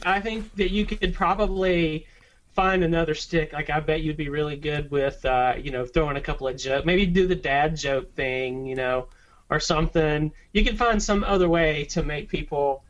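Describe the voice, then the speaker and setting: A man's voice: fairly high pitch, normal speed. A man co-hosting a podcast, chatting in an easygoing, rambling way with frequent restarts. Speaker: podcast co-host. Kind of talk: casual podcast chat. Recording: slightly muffled lo-fi audio.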